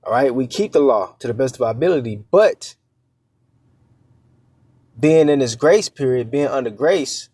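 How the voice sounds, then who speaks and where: A man giving informal scripture teaching as a preacher. He talks conversationally, often checking in with "all right?" and "man", halts on fillers and restarts, and reads verses slowly and deliberately. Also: mid-range voice, animated, darkish tone, slightly rough, no room sound. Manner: halting, with many fillers and restarts.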